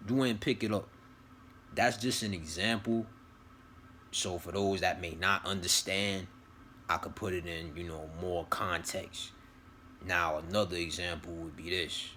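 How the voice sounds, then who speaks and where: A man with a low voice talks in a loose, rambling motivational monologue, full of slang, swearing and repeated phrases. His tone is bright and forceful despite the deep pitch. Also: slight background noise. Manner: rambling, slang-heavy, profane, repeats himself. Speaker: vlogger giving spiritual advice.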